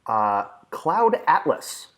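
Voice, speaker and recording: A man's voice: on the high side, big pitch swings, very slow, fairly bright tone. A man co-hosting a movie podcast in casual chat, enthusiastic and emphatic with a joking streak. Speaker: podcast co-host.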